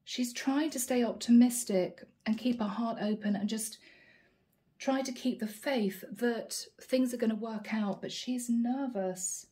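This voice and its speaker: A woman's voice: a little high, a little slow, mellow. A woman giving a channeled tarot reading, musing aloud and naming each card in short bursts. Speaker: tarot reader.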